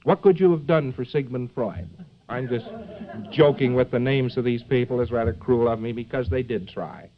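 A man's voice: mid-range voice, normal speed. A man giving a rambling, joking live lecture to an audience, full of fillers and asides like "see?". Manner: joking, digressive, many fillers and rhetorical asides. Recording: dull lo-fi old lecture recording.

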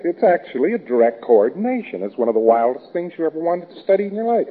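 A man with a slightly raised pitch gives an informal lecture, wry and anecdotal as he rambles from point to point. The sound is thin and boxy, squeezed into a narrow phone-like band like an old tape. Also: slight background noise.

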